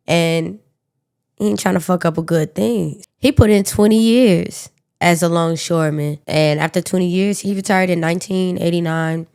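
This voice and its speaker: Woman cohost running through a crime story, lowish voice, gravelly, slangy and cussing. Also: darkish tone. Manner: slangy, profane, joking asides. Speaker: podcast co-host. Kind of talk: casual true-crime storytelling.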